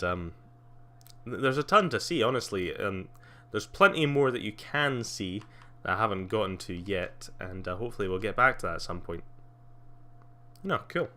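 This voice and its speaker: A man's voice: lowish voice, sharp tone. A young man streaming live, rambling casually with lots of fillers and frequent laughs.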